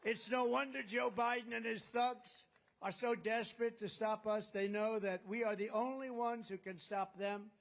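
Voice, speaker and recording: A man speaks to a rally crowd, his voice sitting rather high for a man. He rambles and boasts, circling back to the same phrases again and again. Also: fairly even intonation, moderate pace, vocal fry. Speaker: political candidate. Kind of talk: campaign rally speech. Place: rally at a golf resort.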